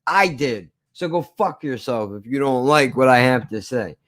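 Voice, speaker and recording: A man's voice: mid-range voice, animated, normal speed, fairly bright tone, no echo. A man streaming live, ranting casually in a rambling, profane way with frequent restarts.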